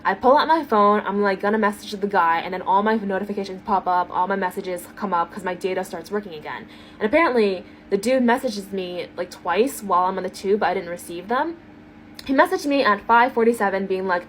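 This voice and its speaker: A woman telling a date story in a chatty, animated way, using lots of fillers. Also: medium pitch, fairly quick, slight background noise. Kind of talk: storytime to camera.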